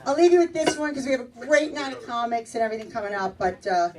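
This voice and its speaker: A woman's voice: fairly high pitch, fast, darkish tone. A middle-aged woman doing a stand-up comedy set, brash and chatty, laughing through her punchlines. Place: comedy club stage with audience. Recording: distant club recording with crowd laughter.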